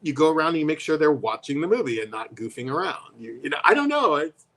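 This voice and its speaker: Chatty man telling animated stories. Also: fairly high pitch, quick pace. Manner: animated storytelling with voiced quotes. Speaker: co-host. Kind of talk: casual chat. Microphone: live stream.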